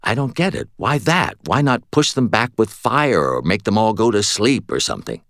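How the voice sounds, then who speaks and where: A man's voice: lowish voice, big pitch swings, moderate pace, a bit bright, dry recording, clean studio sound, voice pushed up. A man voicing a tough, bossy woman cop in an audiobook, clipped and growling. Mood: puzzled.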